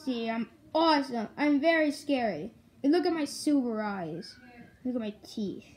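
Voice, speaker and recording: A woman's voice: high-pitched, lively intonation, moderate pace, darkish tone, slight background noise, voice pushed down. A girl voicing a goofy wannabe-scary plush bear. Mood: playful, boastful. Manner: boastful, clumsy, rehearses roars. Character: goofy animatronic bear plush, male, eager to scare kids. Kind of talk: toy play-acting.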